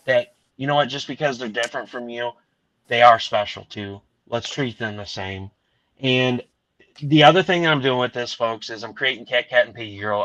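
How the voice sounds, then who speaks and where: A middle-aged man, a podcast host, talking casually and earnestly, excited and rambling as he pitches a charity comic. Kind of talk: casual chat. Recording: dull lo-fi recording.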